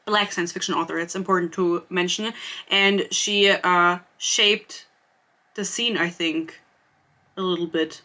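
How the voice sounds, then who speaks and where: Bright-voiced young woman ranting casually. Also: lowish voice, fairly even intonation, a little slow. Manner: chatty, swears freely, self-mocking asides. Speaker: podcast host. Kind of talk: casual chat.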